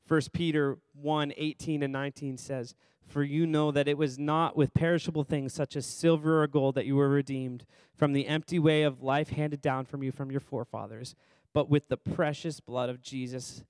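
Smooth-voiced pastor preaching a sermon. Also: male voice, mid-range voice, fairly even intonation, moderate pace, few pauses, a little mellow, dry recording. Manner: conversational, quizzes the congregation by name; repeats phrases for emphasis. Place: church service.

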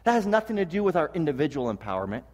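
A man with a high voice preaches a sermon, earnest and animated, stumbling into restarts and dropping in jokes. His voice rings out with a long reverb from a church sanctuary. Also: rapid-fire. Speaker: pastor. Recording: long reverb of a large hall.

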